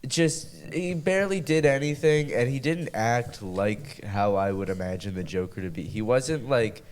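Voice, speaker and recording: A man's voice: medium pitch, normal speed, a little mellow. A man with a mid-range voice co-hosts a casual movie podcast. He jokes a lot and stumbles through restarts as he talks. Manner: joking, hesitant. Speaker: podcast co-host. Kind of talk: casual chat.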